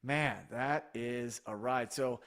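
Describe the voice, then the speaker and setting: A man co-hosting a podcast, talking in an animated, enthusiastic way and often correcting himself. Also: medium pitch, takes it slowly. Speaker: podcast co-host. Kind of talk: casual podcast chat.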